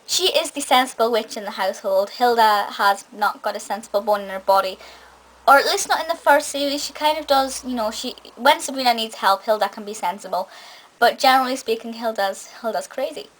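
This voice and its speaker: A woman's voice: a little high, brisk, fairly bright tone, rough recording. A young woman giving an enthusiastic, chatty spoken review of a TV episode, often restarting her sentences. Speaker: film and TV reviewer.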